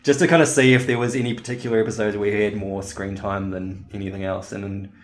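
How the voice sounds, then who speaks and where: A man's voice: fairly low pitch, flat delivery, quick pace. A man co-hosting a podcast in casual chat, rambling and laughing often. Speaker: podcast co-host.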